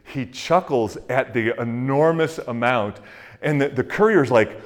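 A man's voice: mid-range voice, measured pace. Man preaching in a casual, chatty way. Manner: conversational preaching with fillers and acted-out quotes; drops to a hushed, soft voice in prayer. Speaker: pastor. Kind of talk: sermon.

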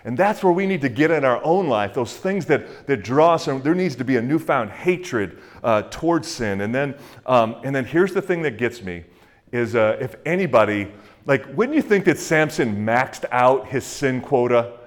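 Male pastor, mid-pitched voice, casual sermon delivery, talks it out with fillers, prays softly. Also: very animated, normal speed. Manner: conversational preaching with fillers and acted-out quotes; drops to a hushed, soft voice in prayer.

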